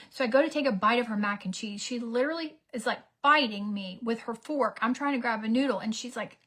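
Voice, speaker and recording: Woman, thirties, casual vlog chat, dramatic storyteller, slightly high. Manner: animated, dramatic storyteller, drops to whispers. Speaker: beauty vlogger.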